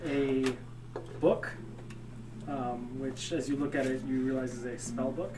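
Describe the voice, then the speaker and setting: A man narrating a tabletop game as game master, describing the scene haltingly with many ums. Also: mid-range voice, level tone, echoey room, loud music behind the voice. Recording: distant mic, loud background noise.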